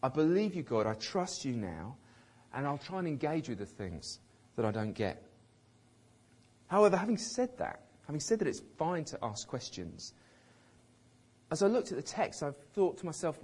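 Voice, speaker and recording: Lively husky-voiced male preacher. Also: a little high, normal speed. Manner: conversational, emphatic, quotes voices with light humour. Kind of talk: sermon.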